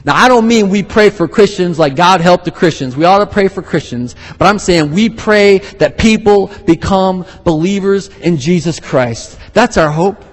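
A middle-aged man pastor preaching a lively sermon, reading scripture aloud and stopping to laugh and exhort. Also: sits high, normal speed, few pauses. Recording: long hall reverb.

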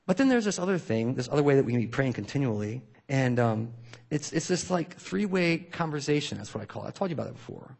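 A man's voice: mid-range voice, sing-song, quick pace, vocal fry, darkish tone. A male pastor preaching a casual, conversational sermon, with many fillers and asides, who drops almost to a whisper when he recites prayers.

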